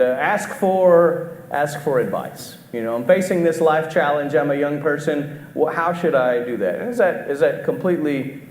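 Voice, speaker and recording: A middle-aged man delivers a conversational sermon in a church hall with a long, ringing reverb. His voice sits at an ordinary pitch, and he keeps turning to the congregation with questions. He often restarts his phrases, and a faint hiss lies under the room sound. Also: darkish tone. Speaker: preacher. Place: church auditorium. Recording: echoey hall with faint background noise.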